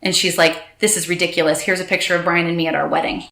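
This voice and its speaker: A woman recounting a personal story with emotion, halting and restarting, quoting others in quick bursts. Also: fairly low pitch, flat delivery, a bit bright, roomy sound. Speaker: guest telling her story.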